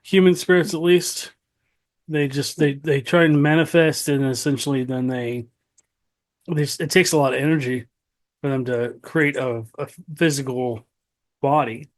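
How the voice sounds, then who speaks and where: A man's voice: mid-range voice, steady tone, normal speed. A man hosts a podcast and asks his guest questions in a casual way. He reacts with short interjections and adds jokey asides. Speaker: podcast host.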